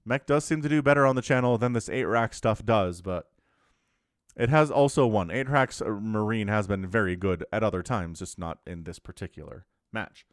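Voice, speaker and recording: A man casting a strategy game match alone, with excitable, jokey play-by-play. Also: fairly low pitch, moderate pace, dry recording. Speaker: esports caster. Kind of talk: solo game commentary.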